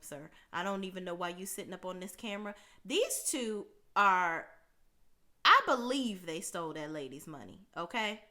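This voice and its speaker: A woman's voice: medium pitch, pushed and bright. A woman hosting a casual reality TV recap, sassy and gossipy, full of asides.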